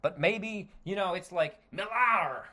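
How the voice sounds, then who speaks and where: With a high-pitched, slightly bright voice and big pitch swings, this American solo podcast host rants at a measured pace. Swearing comes often, as do self-corrections where he trails off and restarts.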